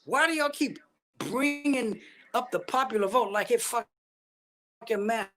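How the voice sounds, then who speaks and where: A man's voice: very high-pitched, moderate pace, pushed and bright. A man ranting bluntly and profanely about politics, full of heavy slang. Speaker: vlogger giving opinions.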